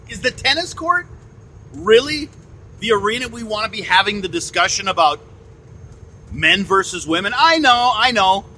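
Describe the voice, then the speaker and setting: High-voiced indignant man ranting. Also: expressive, moderate pace, long pauses, bright, forceful tone, slight background noise. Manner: blunt, indignant, swears, repeats words. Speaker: podcast host. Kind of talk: ranting opinion monologue. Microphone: phone.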